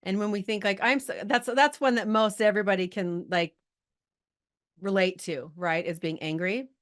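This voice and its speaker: A woman's voice: mid-range voice, moderate pace. Chatty woman coaching a live call. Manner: chatty, lively, talks to the chat audience. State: emotional, holding back tears. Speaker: life coach hosting a live group call. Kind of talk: casual coaching talk.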